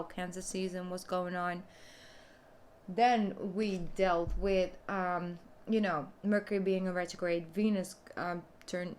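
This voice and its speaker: A woman's voice: medium pitch, a little hiss or hum. A woman giving a casual, chatty tarot reading, talking informally and often saying "you know". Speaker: tarot reader.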